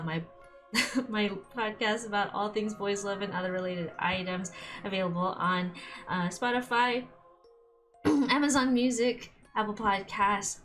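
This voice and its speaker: A young woman streamer talks casually at the end of a game session, gushing and rambling with many fillers and small laughs. Her voice sits at a middle pitch for a woman. Soft background music runs faintly underneath. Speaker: let's-play streamer. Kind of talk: casual chat wrapping up a game episode.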